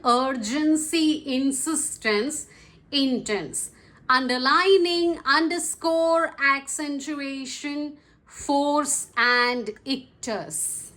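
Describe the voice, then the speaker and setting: A woman teaching English vocabulary, listing words one by one in a slow, deliberate way. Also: high-pitched, a bit bright. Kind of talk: vocabulary lesson. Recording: echoey room.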